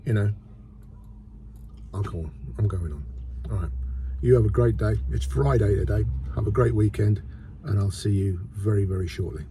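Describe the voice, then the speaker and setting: Chatty middle-aged guy rambling on a vlog outside, mouth full, low-ish warm voice. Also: moderate pace, long pauses, a little hiss or hum. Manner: chatty, rambling, eating while talking. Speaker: vlogger. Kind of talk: rambling casual chat to camera. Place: outdoors in a city square.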